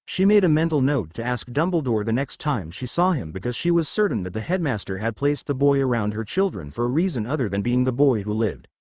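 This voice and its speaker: A man narrates a fan fiction story in an animated, expressive read, his pitch moving up and down freely. The sound is close and dry, with no room around it. He marks the characters' lines with small shifts in his voice. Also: a little fast, hardly any pauses, no echo.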